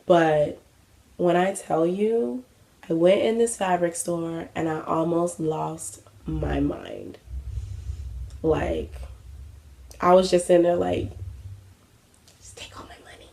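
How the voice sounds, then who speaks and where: Low, gravelly woman chatting casually. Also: steady tone, slow pace, long pauses, dark tone. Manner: chatty, self-mocking, many fillers. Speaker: craft vlogger. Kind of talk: casual chat.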